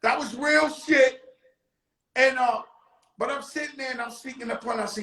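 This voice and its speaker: High-pitched, animated New man. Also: normal speed, pauses often, roomy sound, rough recording. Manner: animated, acts out quotes loudly; profane street talk. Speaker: show host. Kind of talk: casual storytelling.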